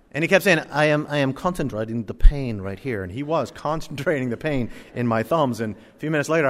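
A man preaching a sermon, telling a story with dramatic slowdowns and rising emphasis. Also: fairly high pitch, pushed and bright, big-room sound, a little hiss or hum. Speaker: pastor.

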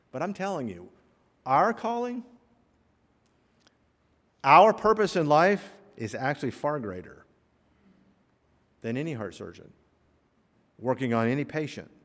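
Animated preaching man in a reverberant hall. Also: medium pitch. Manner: animated, acts out voices in quotes. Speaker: pastor. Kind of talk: sermon.

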